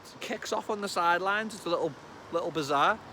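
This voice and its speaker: Brief: high-voiced Scouse lad in his thirties, excitable and sweary, ranting about football outdoors. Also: fairly quick, a little hiss or hum. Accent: Liverpool. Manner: excitable, chatty, swears, loud bursts. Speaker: football fan vlogger. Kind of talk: casual match reaction vlog. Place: outdoors among trees.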